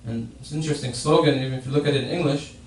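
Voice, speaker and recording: A man's voice: medium pitch, very fast. A man giving a Friday sermon in a mosque, explaining a hadith and often repeating and restarting his phrases. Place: mosque prayer hall. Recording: echoey hall, distant mic, faint noise.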